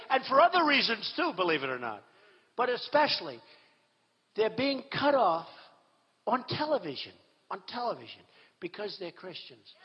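A man giving a campaign rally speech as a political candidate, repeating himself emphatically and swinging between shouts and low asides. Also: slightly rough. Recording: echoey hall, dull sound.

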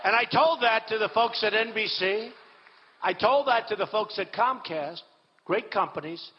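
Boastful high-voiced man rambling in a hall. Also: normal speed, a little hiss or hum. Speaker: political candidate addressing a rally. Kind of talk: off-the-cuff campaign speech. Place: large hall with an audience. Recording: dull hall recording with long reverb.

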